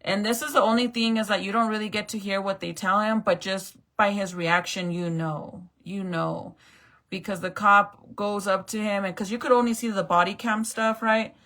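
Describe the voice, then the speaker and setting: A woman's voice: medium pitch, fairly even intonation, normal speed, fairly bright tone. A woman vlogger recounting a story in casual, emotional chat, swearing freely and saying "like" and "bro" a lot. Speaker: makeup vlogger.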